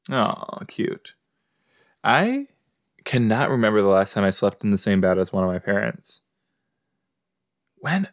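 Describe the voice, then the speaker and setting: This host's lowish voice is very animated yet unhurried, with frequent pauses, and the recording is dry and clean. He watches a show on his podcast and reacts casually, musing aloud and speaking directly to the screen.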